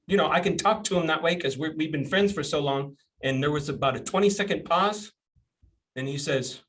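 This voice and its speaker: A blunt, animated man hosts a casual podcast and tells stories with plenty of energy. His voice sits a bit high for a man, and he sounds like he's in his forties. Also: normal speed. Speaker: podcast host and coach.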